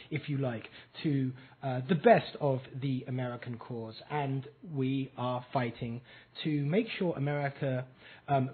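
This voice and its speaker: A man's voice: mid-range voice, breathy edge, phone-quality sound. A man from England with an English accent, hosting a radio show and introducing his guest with eloquent enthusiasm. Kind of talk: talk radio interview.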